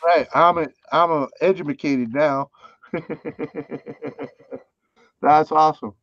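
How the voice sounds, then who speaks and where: An easygoing livestream host chats casually, laughing and poking fun at himself. His voice is on the high side, slow and a bit bright, recorded on a dull, dry mic with no room sound.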